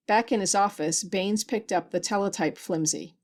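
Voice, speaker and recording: Woman, audiobook narrator, science fiction story, steady even reading, mid-range pitch. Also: moderate pace, few pauses. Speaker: audiobook reader.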